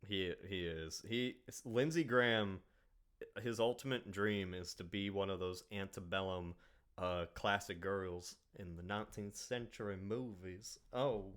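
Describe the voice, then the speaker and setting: A man with a fairly low voice, originally from the Midwest, hosts a loose podcast conversation. He jokes constantly, laughs easily and plays out his own reactions as he tells a story. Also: a little slow. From American Midwest. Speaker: podcast host. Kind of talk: casual chat.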